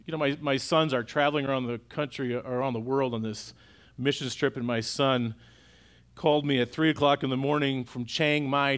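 A middle-aged man with a fairly high voice preaches to a church congregation. His delivery is conversational, and he keeps putting questions to the listeners. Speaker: pastor. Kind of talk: sermon. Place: church auditorium.

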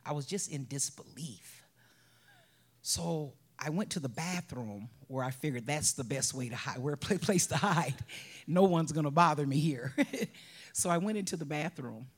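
Woman, bereaved mother, husky voice, emotional personal testimony with soft whispered stretches. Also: low voice, lively intonation, moderate pace. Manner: emotional, drops to soft whispers, breaks into laughs.

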